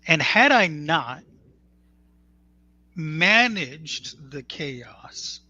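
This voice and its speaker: Man, bright and forward tone, slightly high, earnest storytelling; dry, muffled lo-fi sound. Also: very animated, very slow, no echo. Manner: earnest, matter-of-fact, quotes others as he tells it. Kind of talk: conversational storytelling.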